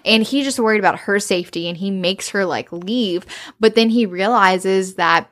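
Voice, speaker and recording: Woman podcast co-host, mid-pitched, chatty and animated, swears freely while retelling a book's plot. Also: normal speed. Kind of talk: casual book recap chat.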